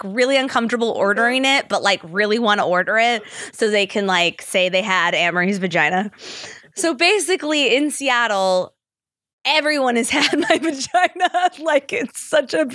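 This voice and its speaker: A woman's voice: a little high, fairly bright tone, no echo, clean studio sound. A young woman hosting a podcast, telling a story in a blunt, profane casual chat, full of "like" fillers. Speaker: podcast host.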